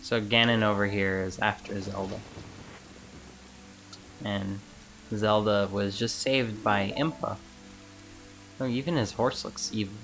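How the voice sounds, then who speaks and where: A woman co-hosting a gaming video in casual chat, relaxed, trailing off and laughing often. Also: extremely low pitch, unhurried, long pauses, faint music behind. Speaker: co-host playing a video game.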